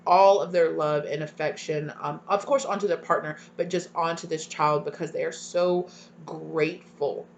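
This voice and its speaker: A woman's voice: sits low, fairly even intonation, normal speed, lo-fi sound, slight background noise. Gushing, emotional woman reading tarot. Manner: emotional, gushing, many fillers and repeated "right?". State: tearful at times. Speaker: tarot reader. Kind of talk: live tarot reading to viewers.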